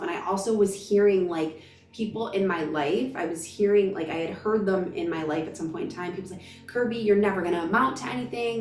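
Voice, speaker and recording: A woman's voice: lowish voice, a little mellow, reverberant, recorded from a distance. A woman in her thirties, a spiritual vlogger, telling a personal story in an emotional, emphatic, gushing way.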